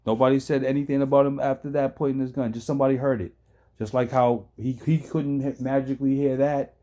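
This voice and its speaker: A man's voice: medium pitch, fairly even intonation, a little fast, dark tone. A man hosting a stream, reacting sarcastically to a video. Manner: sarcastic, interjecting. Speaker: streamer host.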